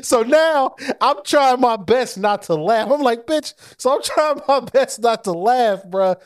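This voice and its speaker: A man co-hosting a podcast, telling a story in casual chat, animated and profane, often laughing as he goes. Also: extremely high pitch, unhurried, clean tone, dry recording, studio quality. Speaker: podcast co-host.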